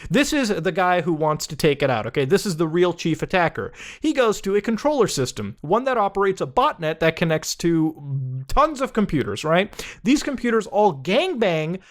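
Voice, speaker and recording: An energetic male YouTuber explaining tech topics in a casual, chatty commentary. His voice sits high for a man, and he keeps checking in with the viewer with a quick "okay?". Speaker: YouTube host.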